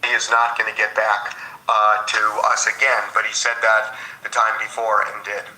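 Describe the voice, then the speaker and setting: A man hosting a TV news discussion who speaks in a hesitant, measured way with many fillers. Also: on the low side, completely flat delivery, sharp tone. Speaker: TV show host. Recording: roomy TV broadcast clip.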